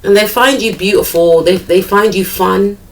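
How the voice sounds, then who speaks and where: A woman's voice: medium pitch, moderate pace, recorded from a distance, low-quality recording. A woman giving a chatty tarot card reading, thinking aloud and repeating her phrases. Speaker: tarot reader.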